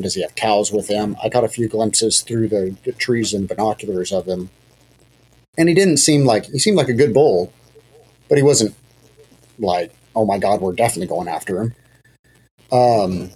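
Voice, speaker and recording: A man's voice: on the low side, slightly rough, rough recording. A man casually telling a hunting story on a podcast, rambling and self-deprecating, with many fillers and restarts.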